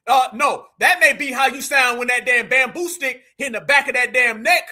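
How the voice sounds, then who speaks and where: A man's voice: extremely high pitch, moderate pace, few pauses, bright, forceful tone. A young man with a Southern US accent, giving brash, mocking reaction commentary full of profanity.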